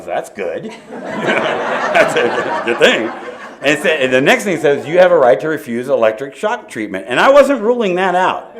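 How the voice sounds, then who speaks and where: Animated man telling his recovery story. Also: medium pitch. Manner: animated storytelling with laughs and quoted dialogue. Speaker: AA meeting speaker. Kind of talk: sharing a recovery story at a meeting.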